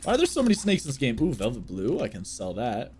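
Faint music sits behind this young male streamer's mid-range voice as he talks fast. His gameplay commentary for chat is casual and excitable, packed with jokes and plenty of swearing.

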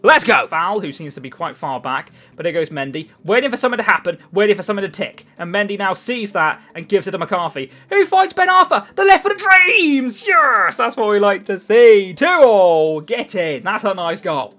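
A young man giving excitable live gameplay commentary, swearing freely and swinging between low mutters and loud outbursts. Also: brisk, hardly any pauses. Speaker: gaming YouTuber.

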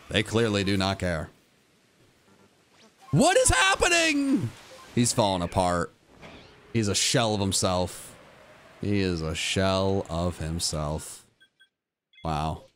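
A man's voice: low voice, steady tone, slow, pauses often, slight background noise. A young man livestreaming a game, switching between a hyped, goofy streamer voice and glum, self-mocking mutters to his chat. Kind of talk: casual livestream commentary.

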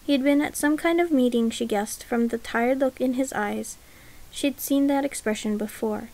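A woman narrating a novel chapter in an even, steady storytelling voice. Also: high-pitched, moderate pace. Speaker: audiobook reader. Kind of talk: scripted narration.

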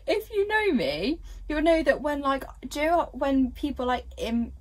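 A woman's voice: sits high, lively intonation, measured pace. A young woman giving casual, chatty reaction commentary at home, full of fillers and giggles. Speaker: reaction vlogger.

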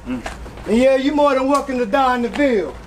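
A man from South Carolina performing in a rap battle, boastful and aggressive, breaking into shouts and hype ad-libs. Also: extremely high pitch, brisk. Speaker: battle rapper. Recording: noisy live event with crowd ambience.

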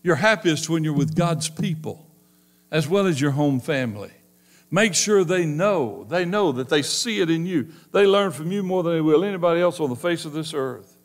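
A man preaching a sermon, telling folksy stories and swinging between loud and soft. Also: a little high, lively intonation, normal speed. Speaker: pastor.

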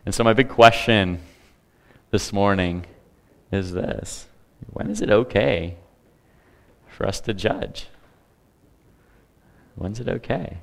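A man's voice: fairly low pitch, slow pace, gravelly, pauses often. A man preaching a sermon in a conversational way, with humor and asides to the congregation. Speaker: pastor.

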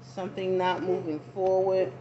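A woman's voice: lowish voice, level tone, normal speed, mellow. Woman, tarot reader, casual direct-to-viewer talk, frequent asides, lo-fi recording, faint background hiss. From not from the American South. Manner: conversational, frequent asides and check-ins to viewers. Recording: dull lo-fi audio, faint background noise.

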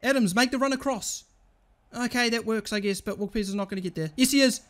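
A young man streaming a football video game, swearing constantly and switching between shouted outbursts and muttered grumbling at the match. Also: extremely high pitch, quick pace. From England. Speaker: gaming streamer. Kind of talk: live gameplay commentary.

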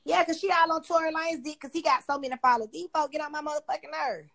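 A young woman chatting on a livestream, blunt and profane as she airs her grievances. Her voice sits high and she talks fast, words tumbling out in quick runs. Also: fairly even intonation, creaky, fairly bright tone. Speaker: livestream host. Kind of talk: casual livestream chat.

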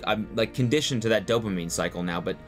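A man talking to camera in his own vlog, reading comments aloud and reflecting on his work in an animated way. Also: lowish voice, fast. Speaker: video creator. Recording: faint music underneath.

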